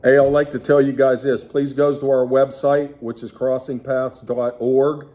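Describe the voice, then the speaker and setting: A man's voice: mid-range voice, little pitch movement, moderate pace, mellow. A man co-hosting a ministry talk show, chiming in with short, affirming remarks. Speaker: co-host, former football player. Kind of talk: casual chat.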